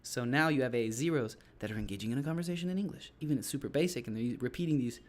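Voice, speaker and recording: Talking very fast in a mid-range voice, a man who teaches English rambles casually through his classroom activities for other teachers, restarting often.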